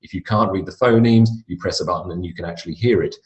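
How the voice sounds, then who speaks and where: A man teaching English pronunciation in a relaxed, conversational lecture, with asides and restarts. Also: low-pitched, fast talker, dull audio. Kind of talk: recorded lecture. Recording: echoey room.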